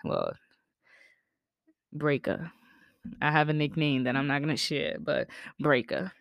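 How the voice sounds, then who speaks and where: A woman's voice: sits low, unhurried, gravelly, no echo. A woman from the American South with a Southern accent, telling blunt, profane stories as a podcast host. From Southern United States. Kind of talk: candid storytelling monologue.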